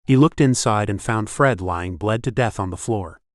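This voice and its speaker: A man reading an audiobook in scripted narration, steady and measured. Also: on the low side, dry recording, studio quality.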